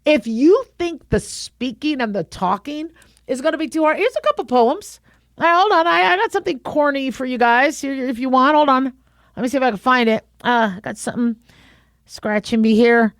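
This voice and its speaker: A woman's voice: sits high, expressive, normal speed, dry recording, clean studio sound. A middle-aged woman hosting a radio advice show, talking casually and playfully with many restarts. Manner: chatty, playful, frequent restarts.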